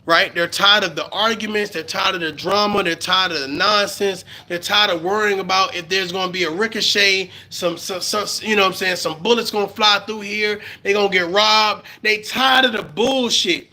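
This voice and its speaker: A middle-aged man from the Bronx with a New York accent, ranting profanely on a live stream and swinging between low mutters and loud outbursts. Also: moderate pace, few pauses.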